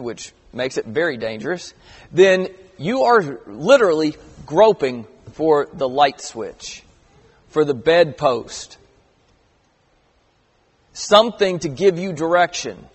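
Middle-aged pastor guy preaching, fairly high voice, chatty but punchy on key words. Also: slightly rough, long reverb tail. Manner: conversational preaching with emphatic stresses and scripture reading. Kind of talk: sermon.

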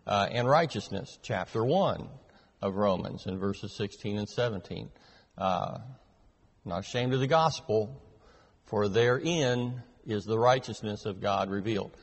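A man leading a Bible class, teaching verse by verse in a measured way with frequent filler pauses. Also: medium pitch, husky, long reverb tail. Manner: measured, hesitant with many fillers.

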